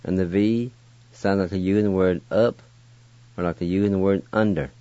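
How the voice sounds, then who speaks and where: A man's voice: low-pitched, fairly even intonation, normal speed, warm tone, no echo. A man teaching words on a radio show, spelling them out letter by letter in a patient, encouraging way. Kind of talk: slow spelled-out word lesson. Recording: dry, dull lo-fi radio sound.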